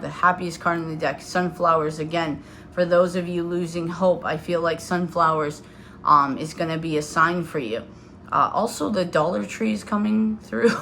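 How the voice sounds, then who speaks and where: Lady in her 30s doing a tarot reading, kinda low voice, rambly and chatty, faint hum behind. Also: a bit bright. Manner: chatty, loose, many fillers. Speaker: tarot reader. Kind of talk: casual tarot reading to viewers.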